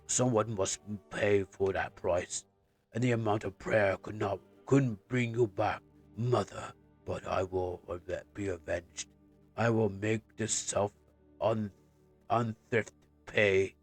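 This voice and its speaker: A man's voice: fairly low pitch, breathy edge, full character voice. A man reading as a vengeful young nobleman. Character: vengeful young nobleman avenging his mother. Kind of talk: reading game dialogue in character.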